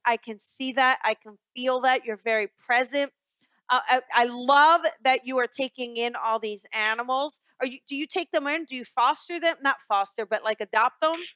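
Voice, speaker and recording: High, bright-voiced psychic radio host. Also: female voice, smooth, no room sound. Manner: soothing, calls callers "honey"; chatty, animated, many fillers. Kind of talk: radio call-in readings.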